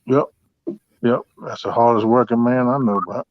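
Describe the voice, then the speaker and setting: A man's voice: mid-range voice, steady tone, moderate pace, dry recording. Folksy man in his fifties. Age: 50s. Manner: folksy, drawling, heartfelt. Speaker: host. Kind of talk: casual storytelling chat. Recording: dull lo-fi sound, dry.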